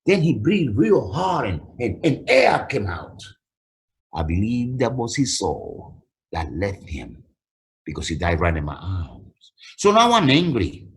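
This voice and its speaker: Lively man telling his story. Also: fairly low pitch, unhurried. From Puerto Rico. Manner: emotional storyteller, repeats phrases for emphasis. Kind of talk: personal testimony on a webinar. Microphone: video call.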